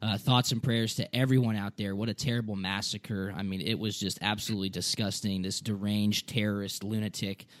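A man's voice: lowish voice, steady tone, brisk, hardly any pauses. A man co-hosting a sports podcast in a casual, chummy way, calling his partner "dude". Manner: laid-back, chummy, says "dude" and "man". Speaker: podcast co-host.

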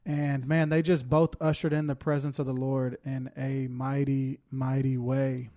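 A man's voice: mid-range voice, flat delivery, unhurried, mellow. A man sharing a heartfelt testimony in casual chat, with many fillers, fighting back tears.

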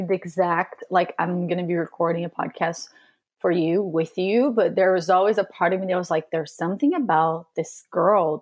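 A woman who works as a spiritual coach, talking as a podcast guest in a soft, reflective, emotionally open way with pauses and fillers. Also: on the low side. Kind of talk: casual podcast conversation.

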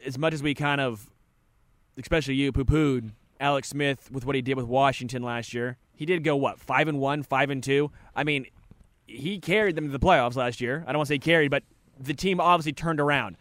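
A man co-hosting sports talk radio from a studio, with a middle-pitched voice. He jokes and teases his partner between quick opinions. The sound is dry and close on the studio mic. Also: a bit bright, no echo. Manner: joking, teasing, quick opinions.

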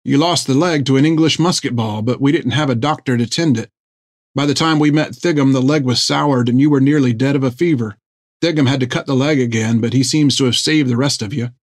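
A defiant young woman captain speaks calmly, giving orders with quiet authority, voiced by a man. Her voice sits slightly raised above the reader's own. The storybook reading is close and dry. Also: mid-range voice, brisk, no echo, lightly acted. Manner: calm, commanding.

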